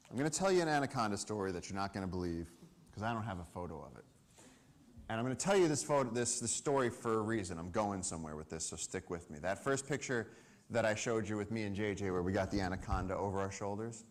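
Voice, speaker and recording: A man giving a storytelling talk about wildlife on a summit stage to a live audience, animated and acting out the people he quotes. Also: lowish voice, fast talker. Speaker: conservation speaker.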